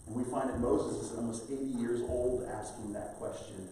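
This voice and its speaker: A man's voice: medium pitch, fairly even intonation, fairly quick, hardly any pauses, mellow, slight background noise. A middle-aged man preaching a sermon as pastor, talking with the congregation in a conversational, storytelling way. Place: church sanctuary. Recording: roomy church hall, from far off.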